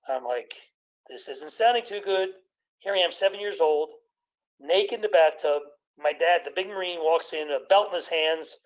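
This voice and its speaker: Man in his sixties, stand-up comedian, high voice, storytelling jokes. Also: rough recording. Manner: storytelling with quick jokes and impressions of family.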